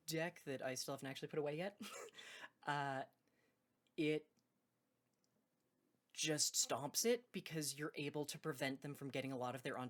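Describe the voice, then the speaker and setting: A woman hosting a card game video, talking in a loose, rambling way and correcting herself mid-sentence. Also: low-pitched. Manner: rambling, self-correcting, laughs between points. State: hiccuping. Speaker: card game video host and tournament judge. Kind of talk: casual unscripted video intro.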